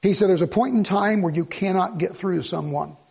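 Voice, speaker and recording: An older man preaches a sermon in an emphatic, repetitive, conversational style that builds to outbursts, captured on a dull lo-fi recording. His high voice is fairly quick, creaky and a little mellow, with a breathy edge.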